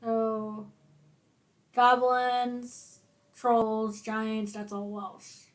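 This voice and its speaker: A woman's voice: a little high, level tone, drawn-out words. A woman co-hosting a podcast in casual chat, explaining matter-of-factly and laughing often. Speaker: podcast co-host.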